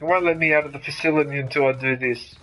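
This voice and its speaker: A man's voice: a little high, fairly even intonation, quick pace, fairly bright tone, poor audio. A man, ranting heatedly and with lots of swearing during live gameplay commentary. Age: 50s. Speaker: gaming streamer.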